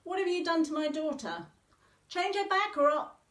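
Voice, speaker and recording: A woman voicing a desperate farmer father who shouts in a raised voice, recorded in an echoey room from some distance. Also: sing-song, a little slow. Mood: yelling. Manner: high, loud shouting.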